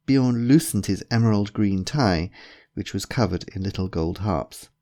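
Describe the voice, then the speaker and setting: A man reading a humorous story aloud in a measured, even storytelling manner. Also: fairly low pitch. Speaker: narrator. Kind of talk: scripted narration.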